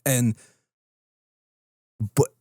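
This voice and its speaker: A man's voice: extremely slow, mellow, no room sound, studio quality. A man co-hosting a podcast in casual chat, ranting with plenty of swearing and laughter. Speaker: podcast co-host.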